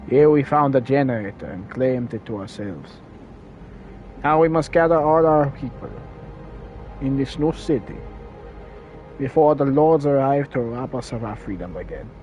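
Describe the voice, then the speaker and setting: A man's voice: medium pitch, moderate pace, long pauses, lo-fi sound, soft background music, natural voice. A man putting on a defiant rebel leader. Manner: solemn, rousing, put-on accent.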